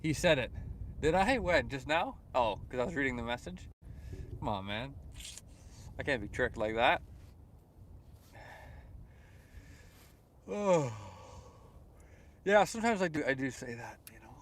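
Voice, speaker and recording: A young Canadian man with a Canadian accent chats easily while he fishes outdoors at dawn, answering viewers' messages in a loose, rambling way. His voice sits at an ordinary middle pitch, and there is a faint hum of outdoor ambience behind it. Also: unhurried, pauses often. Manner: reads chat messages aloud and answers them, relaxed and chatty with frequent fillers. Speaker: fishing livestreamer. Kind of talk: casual live-stream chat. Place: outdoors by the water at sunrise.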